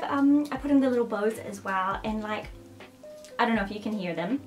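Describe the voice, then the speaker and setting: A woman vlogger gushing excitedly over a new dress, with frequent gasps and giggles. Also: medium pitch, a little fast. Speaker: fashion vlogger. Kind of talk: casual unboxing show-and-tell. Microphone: camera mic a short way off. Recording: slightly distant mic, faint background music.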